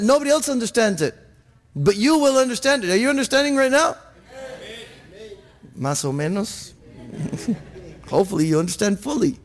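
A man preaching a sermon in church, earnest, often restarting his words and asking "Amen?". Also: very high-pitched. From Texas, USA. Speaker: pastor.

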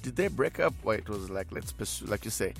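A man's voice: fairly low pitch, lively intonation, brisk, vocal fry, faint music behind. A male co-host in casual chat, often restarting his sentences.

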